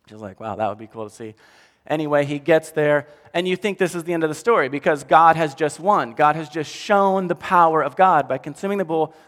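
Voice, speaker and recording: Male pastor, somewhat high voice, lively storytelling sermon, long hall reverb. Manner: animated storytelling, drops to quiet for emphasis.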